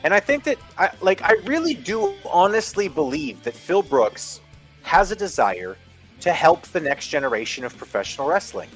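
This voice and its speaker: A man's voice: on the high side, big pitch swings, moderate pace, faint music behind. Opinionated Philadelphia man co-hosting. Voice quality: opinionated, talks in long run-on takes full of "like" and "you know". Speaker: co-host. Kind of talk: casual podcast chat.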